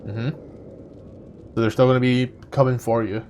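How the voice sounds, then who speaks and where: A man running a tabletop game as game master, explaining rules in a relaxed way. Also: mid-range voice, moderate pace.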